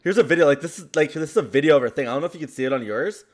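A man's voice: on the high side, expressive, very fast. A young man co-hosting a casual podcast, easygoing, laughing along and asking puzzled questions. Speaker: podcast co-host.

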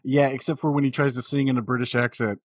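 A man with a slightly husky, mid-pitched voice trades wry, deadpan jokes and laughs easily. The sound is dry and close-miked. He's co-hosting a comedic review podcast. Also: fast, no echo. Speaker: podcast co-host. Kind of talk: casual comedic film review chat.

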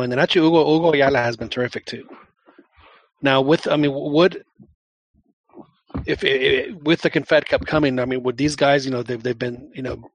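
Husky-voiced man hosting a casual podcast. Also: medium pitch, no echo. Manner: hesitant, many fillers, friendly. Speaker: podcast host. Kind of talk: casual chat.

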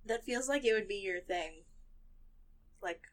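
A woman's voice: medium pitch, animated, measured pace. A young woman co-hosting a casual podcast chat, laughing often and trailing off with fillers. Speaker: podcast co-host.

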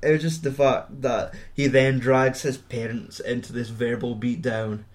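A man's voice: medium pitch, little pitch movement, measured pace. A young man co-hosting a podcast, chatting casually about a film in a rambling, sweary way. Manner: rambling, sweary, laughs often. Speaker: podcast co-host.

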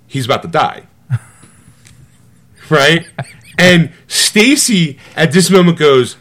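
A middle-aged man co-hosting a podcast, retelling a movie in casual chat with animated, swearing storytelling that acts out other people's lines. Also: fairly high pitch, slow, pauses often. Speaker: podcast co-host.

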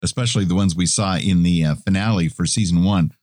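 A man co-hosting a podcast in casual chat, with a relaxed, wry way of talking. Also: low voice, fast talker, dry recording, studio quality. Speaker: podcast co-host.

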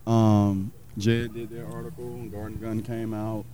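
A man's voice: on the low side, little pitch movement, measured pace, mellow, a little hiss or hum. A man from South Carolina, a pitmaster, telling his story in a casual interview, rambling with many fillers. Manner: rambling, many fillers, acts out quoted people. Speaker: pitmaster and restaurant owner.

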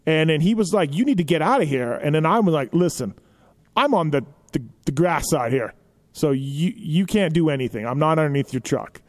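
A man hosting a podcast, telling stories in a casual, animated way with lots of filler phrases. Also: fairly high pitch, brisk. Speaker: podcast host.

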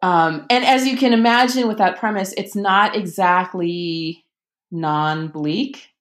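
A woman author talking casually about books, chatty, with many fillers and animated quoting. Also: mid-range voice, slow pace. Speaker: author guest. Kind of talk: casual podcast conversation.

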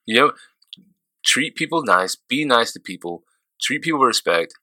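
A man's voice: mid-range voice, lively intonation, moderate pace, pushed and bright, no echo. A man with a St. Louis accent co-hosting a podcast in casual chat, giving emphatic, motivational advice and swearing freely. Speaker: podcast co-host.

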